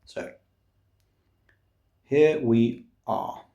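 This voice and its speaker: A man's voice: mid-range voice, extremely slow, gravelly, mellow, lo-fi sound. A man teaching the meaning and pronunciation of opera lyrics, patient and explanatory, with playful asides and many fillers. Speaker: music language teacher. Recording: echoey room.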